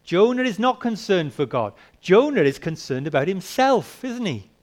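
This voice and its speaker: A man preaching a sermon, asking rhetorical questions and swinging between soft and emphatic delivery. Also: high-pitched, very animated, normal speed.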